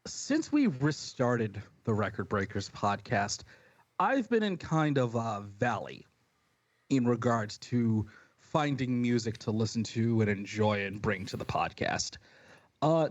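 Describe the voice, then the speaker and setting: A man's voice: mid-range voice, no echo, highs cut off. A man co-hosting a music podcast in casual, jokey chat. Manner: animated, jokey, sports metaphors. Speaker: podcast co-host.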